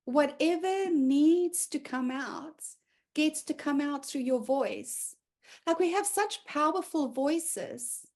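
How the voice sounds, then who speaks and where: Woman host, high-voiced, animated, casual, video-call sound. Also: slow. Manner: animated, laughs often, acts out quotes. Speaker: group session host. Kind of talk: casual online group session.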